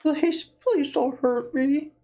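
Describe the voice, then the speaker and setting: A woman's voice: high voice, slow, warm tone, pitched above the performer's own voice. A woman voicing a frail, frightened old human man who stammers and pleads. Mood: pleading.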